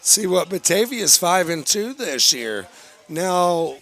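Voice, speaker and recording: A man giving casual, folksy, enthusiastic color commentary for a local high school football broadcast from a press booth. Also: sing-song, slow pace, vocal fry, fairly bright tone, faint music behind.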